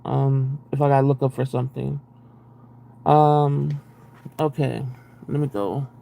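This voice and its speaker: A man's voice: medium pitch, steady tone, a little slow, creaky, warm tone, slight background noise. A young man on a live stream reading a book aloud and breaking off into profane, exasperated, sarcastic commentary. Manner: profane, exasperated, sarcastic asides between read passages.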